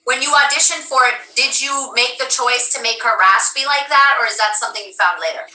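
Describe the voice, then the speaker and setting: A woman's voice: on the high side, fairly quick, bright, forceful tone, echoey room, recorded from a distance, low-quality recording. A woman streamer chatting casually with a guest, playful and joking.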